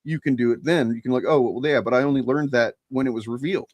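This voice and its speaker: A man's voice: medium pitch, fast talker, darkish tone, no echo, muffled recording. Man, thirties, casual podcast chat, rambling, jokey, dry close sound. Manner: rambling, jokey, laughs often. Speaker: podcast co-host.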